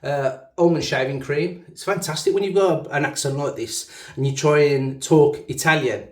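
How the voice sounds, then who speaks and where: A man's voice: a little high, moderate pace. Rambling Black Country man, bathroom echo. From English West Midlands. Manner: rambling, chatty, self-mocking. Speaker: shaving channel host. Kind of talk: casual chat while shaving. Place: echoey bathroom at a sink. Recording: echoey bathroom sound.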